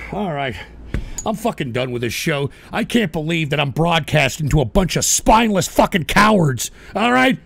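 A man hosting a live stream, yelling and swearing at his audience in an angry political rant on a close mic. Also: on the high side, very animated, a little slow, gravelly. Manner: shouting, swearing, berating his chat. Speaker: host of a live call-in stream show.

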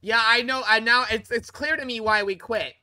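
A woman's voice: on the high side, fairly even intonation, moderate pace, bright, forceful tone. A woman streaming a game, talking in a frustrated, swearing, exasperated way. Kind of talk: live game stream commentary.

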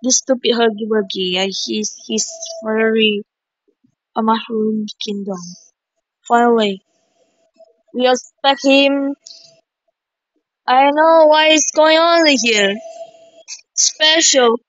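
Excitable gamer woman, slow and higher voiced, dry dull lo-fi mic. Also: no echo. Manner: excitable, shrieking exclamations, repeats words. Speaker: gaming commentator. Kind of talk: excited gameplay commentary.

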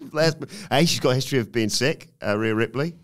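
A man in his thirties who co-hosts a podcast, chatting casually and dropping dry quick quips. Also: medium pitch. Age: 30s. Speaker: podcast co-host. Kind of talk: casual chat.

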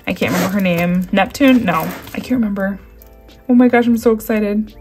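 A woman's voice: mid-range voice, fairly quick, darkish tone, slightly rough, faint music behind. A woman vlogging a craft unboxing at a table indoors, gushing and exclaiming as she talks straight to her viewers. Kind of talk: excited unboxing chat. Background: crinkling packaging.

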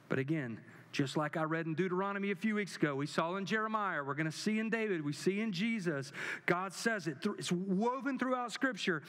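This pastor's voice runs on the high side, a bit bright, with lively intonation and a brisk delivery. He preaches in a large church hall, the long hall reverb trailing behind as he drives home his points with emphatic, climbing repetition.

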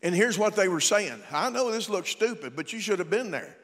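A male pastor preaching a sermon, animated and comic, rising to shouts at his peaks. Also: sits high, a little fast. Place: church sanctuary. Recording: long reverb in a church.

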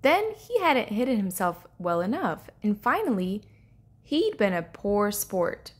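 A woman reading a children's storybook aloud in an expressive, storybook way. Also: mid-range voice, a little slow, slightly rough. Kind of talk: children's read-aloud narration.

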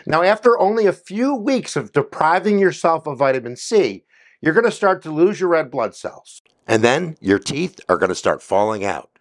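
A man giving a quick history explainer in an energetic, jokey way, with playful asides to his viewers. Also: fairly high pitch. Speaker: history educator.

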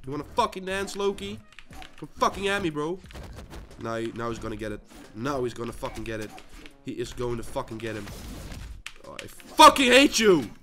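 A man with a Dutch accent commentating his own gameplay, swearing and trash-talking his opponents with sudden yelling bursts. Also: on the high side. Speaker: gaming channel host.

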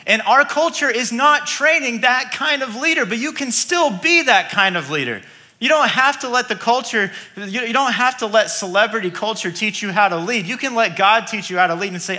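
A man's voice: sits high, bright, forceful tone. A man, a pastor, preaching a sermon with energy, repeating his key lines and restarting often.

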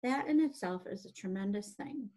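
A woman voicing a wise, gentle female spider in a storybook, speaking in a calm, measured way. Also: medium pitch, close to an everyday voice. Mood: tender.

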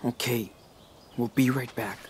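A man's voice: medium pitch, steady tone, a little slow, a little hiss or hum, natural voice. A man playing a wry, guarded teen brother. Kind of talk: video game voice acting.

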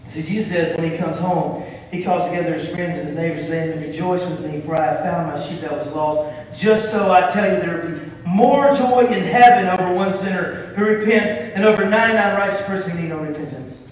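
A man preaching a sermon as pastor, fervent and building to shouts, with many repeated phrases. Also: sits high, brisk, slight background noise. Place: church sanctuary. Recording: echoey church hall from far off.

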